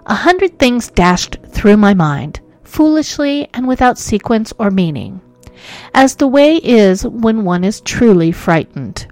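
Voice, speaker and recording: A woman narrating a ghost story in an expressive reading, moving between hushed and urgent tones. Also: on the high side, slow, soft background music.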